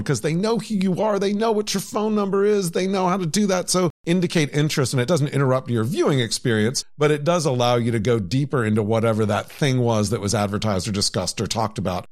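A man co-hosting a podcast, chatting casually and reading news items with upbeat, emphatic rises. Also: mid-range voice. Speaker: podcast co-host.

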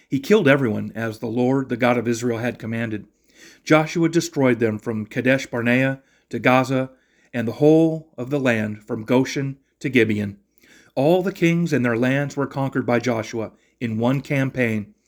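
This is a man with a mid-range voice hosting a podcast. He reads aloud from the Bible in a steady, measured cadence, then shares a short devotional reflection and prays.

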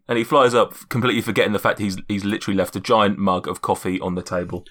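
A man's voice: lowish voice, quick pace, a bit bright. A man narrating a tabletop game as game master, in a casual, hesitant way.

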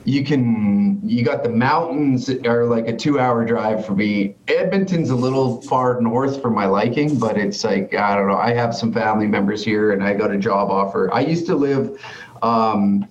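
A Canadian-accented man trades loose, swear-laden stories in a relaxed podcast chat. His voice bounces around a roomy space, and the sound is dull and lo-fi. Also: fairly low pitch, normal speed, slight background noise. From Canada (southern Alberta). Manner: laid-back, profane storytelling. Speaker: podcast guest. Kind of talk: casual chat.

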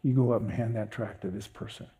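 A man voicing God in his testimony, quiet and lower than his usual voice. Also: fairly even intonation, fast talker, slightly rough. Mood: instructing. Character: calm commanding voice of God.

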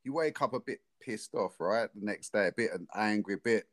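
A man's voice: fairly low pitch, moderate pace, very noisy. A man co-hosting a podcast, talking loosely with lots of restarts. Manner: rambling, animated storytelling with restarts. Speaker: podcast co-host. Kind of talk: casual chat.

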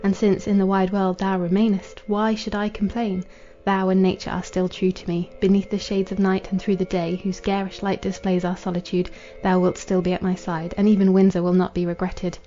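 A woman voicing a tender, resigned noble wife in a storybook reading, speaking softly in formal, old-fashioned words. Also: mid-range voice, level tone, fairly quick, hardly any pauses, natural voice. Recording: dull lo-fi with faint music.

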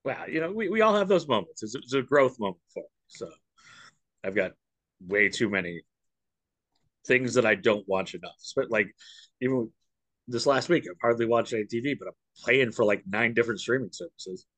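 A man co-hosting a podcast, chatting and joking in an animated way. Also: mid-range voice, brisk, no room sound. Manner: jokey, animated. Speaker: podcast co-host. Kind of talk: casual chat.

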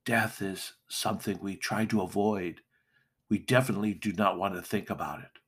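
A middle-aged male pastor preaching a sermon, slow and deliberate with emphatic pauses. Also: deep voice, fairly bright tone, breathy edge.

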